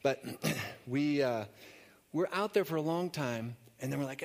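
A man preaching a conversational sermon, telling stories in a relaxed way with fillers and restarts. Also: mid-range voice, measured pace. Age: adult. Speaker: pastor.

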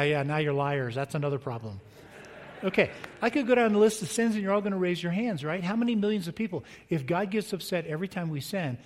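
A middle-aged man preaching a sermon as pastor, conversational and joking with the congregation. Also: fairly high pitch. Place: church sanctuary. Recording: long reverb of a church hall.

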